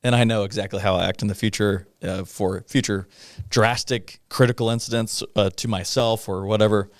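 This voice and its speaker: Low-voiced man telling a hard story. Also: steady tone, dry recording, studio quality. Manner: halting, full of pauses and fillers, with rueful laughs. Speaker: guest, police officer. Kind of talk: conversational storytelling in a podcast interview.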